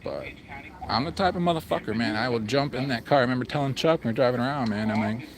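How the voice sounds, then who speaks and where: A man's voice: medium pitch, fast talker, crowd noise, rough recording. A man doing a casual livestream outdoors, talking in a blunt, profane, rambling way. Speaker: livestream vlogger. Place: outdoors in a public area.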